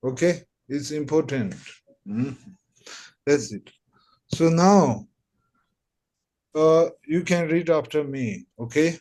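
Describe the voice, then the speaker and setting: A man's voice: on the high side, expressive, slow, pauses often, darkish tone. A man teaching pronunciation in an online lesson, patiently repeating syllables for students. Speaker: Tibetan language teacher.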